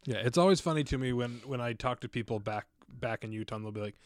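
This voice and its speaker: Man, quick talker, dry close sound, agreeable podcast co-chatter. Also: medium pitch, dry recording. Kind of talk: casual chat.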